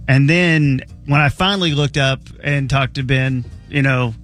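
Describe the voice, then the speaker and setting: A man co-hosts a morning radio show and tells stories in an easygoing, chatty way. His voice sits at a middle pitch, and faint music plays behind the studio talk. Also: unhurried, a bit bright. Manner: easygoing, storytelling. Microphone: studio microphone.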